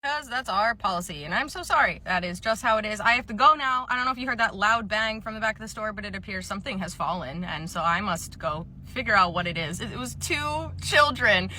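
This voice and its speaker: A young woman telling comedic storytime skits about retail work, deadpan and sarcastic. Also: mid-range voice, brisk, hardly any pauses, slight background noise. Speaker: comedy creator, former store cashier.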